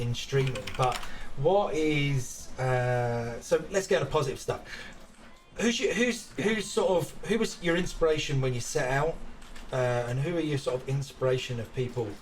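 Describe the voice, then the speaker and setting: A man's voice: mid-range voice, lively intonation, normal speed. A man hosting a casual podcast, asking questions and laughing often. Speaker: podcast host. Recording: distant mic with faint noise.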